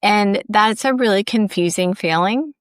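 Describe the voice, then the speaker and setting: A woman's voice: medium pitch, a little slow, no room sound, studio quality. A woman from Ohio hosting a podcast, sharing personal stories candidly, often saying "like" and laughing lightly. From Ohio, USA. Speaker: podcast host. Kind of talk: reflective personal storytelling.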